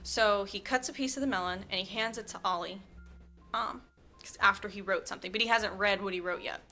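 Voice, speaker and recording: A woman podcast co-host casually recapping a movie plot, animated and full of fillers, acting out the characters' lines as she goes. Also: mid-range voice, fairly quick.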